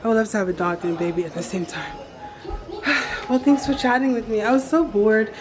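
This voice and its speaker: A woman's voice: fairly high pitch, fairly quick, loud music behind the voice. A young woman vlogging as she walks down a street, rambling and chatty, telling stories with self-mocking asides into a handheld camera. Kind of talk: casual walking vlog chat. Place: outdoors walking down a city street. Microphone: handheld camera held while walking. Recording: street ambience clearly behind.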